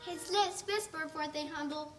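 A woman narrating a storybook in an expressive, lilting reading. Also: sits high, moderate pace, crowd noise. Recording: distant mic, faint hiss.

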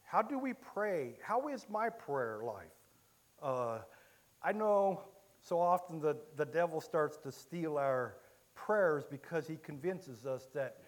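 Halting storytelling preacher man. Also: a little high, expressive. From Illinois, USA. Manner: storytelling, halting with many restarts. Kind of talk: sermon.

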